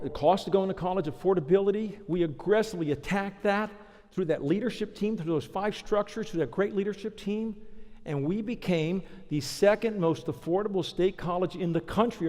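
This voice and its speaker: A man delivers a leadership keynote at a conference, mixing anecdotes with punchy short lists. His voice sits a little high for a man, and the sound carries a long hall reverb. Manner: energetic storytelling, punchy lists.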